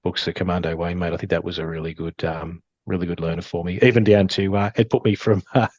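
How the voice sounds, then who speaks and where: A man's voice: deep voice, flat delivery, fast, darkish tone, dry recording, highs cut off. A middle-aged Australian man, a former police officer and firefighter, chatting casually as a guest in an interview and saying "mate" a lot. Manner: rambling, says "mate" often.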